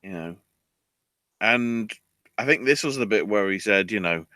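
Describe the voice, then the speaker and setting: A man's voice: lowish voice, lively intonation, unhurried, pushed and bright, no room sound. A man hosting a podcast, recapping a show in casual chat with sarcastic, exasperated storytelling. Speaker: podcast host.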